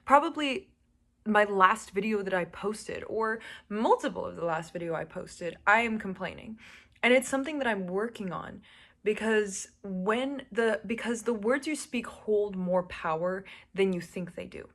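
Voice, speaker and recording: A woman's voice: mid-range voice, expressive, a little slow. Blunt, swearing woman vlogger. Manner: blunt and fiery, swears often, swings from hushed to emphatic. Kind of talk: casual direct-to-camera monologue.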